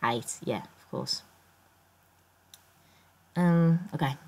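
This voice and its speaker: A low-voiced woman talks over a game build in a loose, rambling way, stopping often with ums while she thinks aloud. Her voice is croaky, as it often is first thing in the morning. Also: big pitch swings, drawn-out words. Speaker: Sims builder and YouTuber. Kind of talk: casual voice-over commentary on a speed build.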